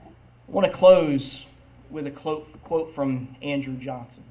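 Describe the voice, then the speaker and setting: A male preacher delivering a sermon in a high voice. He speaks slowly and emphatically, leaning on key words. He checks in with the congregation by calling out "Amen?". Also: dark tone. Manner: slow, emphatic preaching with call-and-response "Amen?".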